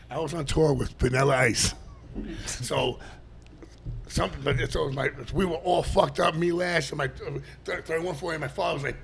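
Gravelly, animated New man. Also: on the high side, brisk, background noise. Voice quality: gravelly, animated, swears a lot and shouts during stories. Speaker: podcast guest. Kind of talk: casual storytelling.

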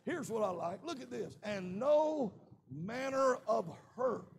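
Man, Southern accent, preaching, very high voice, gravelly fry, faint hiss behind. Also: expressive, slow. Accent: Southern American. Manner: preaching with rising shouts and frequent amens. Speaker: pastor. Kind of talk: sermon. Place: church sanctuary.

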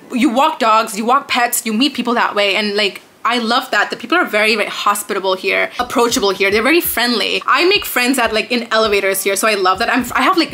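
A woman's voice: mid-range voice, bright, forceful tone. A woman in her early twenties from Dubai, chatting in a casual question-and-answer vlog, bubbly and rambling with dramatic exclamations. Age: 20s. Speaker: vlogger answering viewer questions.

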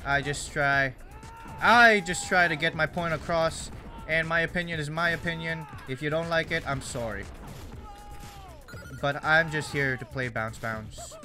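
Young dude rambling over a game, kinda high bright voice, faint game music behind. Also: male voice. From Canada. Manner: rambling, jokey, self-deprecating. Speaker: gaming YouTuber. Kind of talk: casual gameplay commentary.

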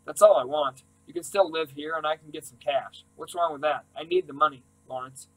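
A man's voice: fairly high pitch, fairly quick, a bit bright, poor audio. A man voicing a middle-aged uncle who pleads and insists, talking down as if to a child. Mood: pleading. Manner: wheedling, insistent.

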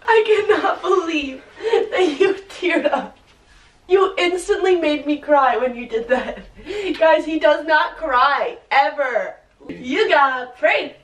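A woman's voice: sits high, slow pace. A young woman vlogging casually with her partner, chatty and laughing often. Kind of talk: casual couple vlog.

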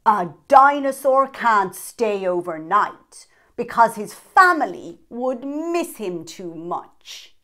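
A woman's voice: fairly high pitch, lively intonation, slow pace, fairly bright tone. A woman voicing a worried young male dinosaur, firm and anxious, in a storybook reading.

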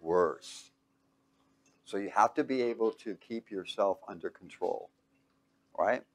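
Addressing a live audience, a man with a lowish, slow voice delivers an emphatic motivational lesson. His volume rises and drops to a hush, and he repeatedly prompts the crowd to fill in his questions.

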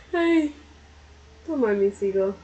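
A young adult woman streamer chats casually with her viewers while she draws, laughing a lot and making fun of herself. Her voice is medium-pitched at a normal speed, and the recording quality is rough.

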